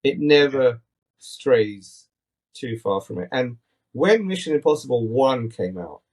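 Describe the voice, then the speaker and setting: A man's voice: medium pitch, expressive, unhurried, a little mellow. A man hosting a casual podcast, talking in an opinionated, rambling, critical way into a tablet mic. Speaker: podcast host.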